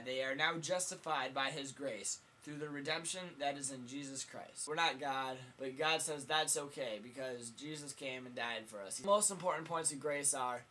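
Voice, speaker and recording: A man's voice: fairly high pitch, pushed and bright, slight background noise. A young man preaching a casual vlog sermon, earnest and plain-spoken, repeating his key points for emphasis. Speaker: vlogger preacher.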